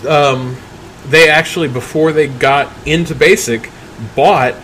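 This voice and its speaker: A man's voice: mid-range voice, a bit bright, slight background noise, rough recording. A man co-hosting a casual podcast, telling a story in an easygoing way. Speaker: podcast co-host.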